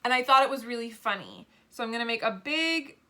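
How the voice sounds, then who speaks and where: Pre-k teacher lady sounding out words real slow, highish bright voice, playful. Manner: sounds out words slowly, letter by letter; expressive, playful delivery. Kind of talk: video lesson for young children.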